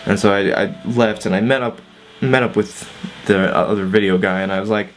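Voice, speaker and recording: A man's voice: on the low side, animated, fairly quick, a little hiss or hum. A man casually telling a personal story on his vlog, laid-back with lots of fillers and swearing. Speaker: vlogger.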